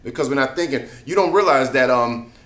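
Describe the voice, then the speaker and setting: A man's voice: medium pitch, animated, a little fast, a bit bright. A man giving a casual singing lesson, chatting with easy laughs and often asking "you know what I mean?". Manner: laughs between points. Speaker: singing teacher. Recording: echoey room.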